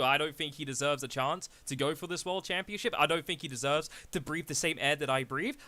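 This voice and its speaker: A man with a notably high, bright voice delivers a trash-talking wrestling promo from a press conference. He is heated and taunting, with a tone that keeps rising toward shouts. The sound is dry and close on a home microphone. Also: no room sound.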